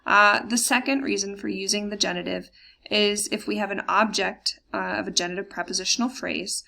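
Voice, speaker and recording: Woman German teacher, slide lesson, gravelly edge, filler-heavy plain explaining. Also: medium pitch, steady tone, bright, forceful tone. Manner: slows down for German example words.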